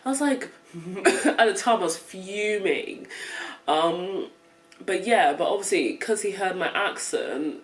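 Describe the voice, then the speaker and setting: A young English woman vlogs while eating, chatting casually to camera in a medium-pitched voice at a slow pace. Her talk is loose and full of fillers, she laughs often, and the low-quality recording puts her far from the mic.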